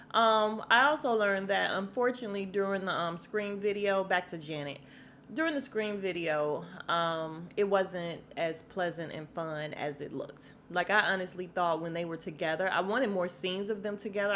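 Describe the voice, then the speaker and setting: A woman's voice: mid-range voice, normal speed, slight background noise. Chatty woman podcaster dishing celebrity gossip. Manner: chatty, animated, laughs often, addresses listeners as y'all. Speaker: podcast host. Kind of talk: casual celebrity gossip rant.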